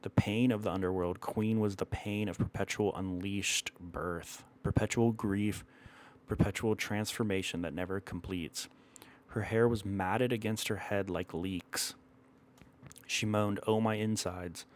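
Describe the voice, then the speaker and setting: A man telling an old myth in a measured, dramatic way, stopping now and then to correct himself. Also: on the low side, fairly even intonation. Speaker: storyteller. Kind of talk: storytelling narration of a myth.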